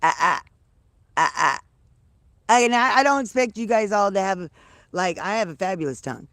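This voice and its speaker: A woman's voice: medium pitch, animated, quick pace, a bit bright, no room sound. Middle-aged woman on a farm livestream, dry close sound, casual salty chat, laughs a lot. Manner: loose, laughing, salty talk. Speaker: livestreaming vlogger. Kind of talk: casual live chat with viewers. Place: outdoors on a farm.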